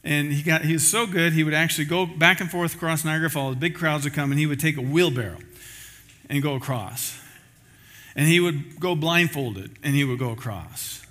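A man preaching as a pastor, telling a story with lively acted-out quotes before closing in prayer. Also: fairly high pitch, moderate pace. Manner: storytelling, acting out quoted voices; ends in a spoken prayer. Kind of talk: sermon.

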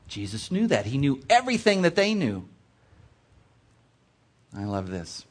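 A man preaching a sermon, reading scripture and explaining it with expressive storytelling asides. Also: on the high side, a little slow, long pauses, breathy edge. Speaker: preacher in children's ministry. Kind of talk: sermon teaching from Bible text.

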